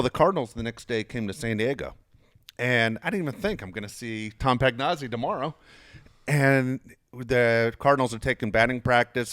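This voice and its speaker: A man in his fifties, a sports-media podcast host, telling a long anecdote in a loose, profane way. His voice sits at an ordinary mid pitch and gets loud when he acts out old arguments. The sound is dry and close, with almost no room echo. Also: clear, resonant tone. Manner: animated, profane, acts out quarrels in a raised voice. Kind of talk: casual storytelling.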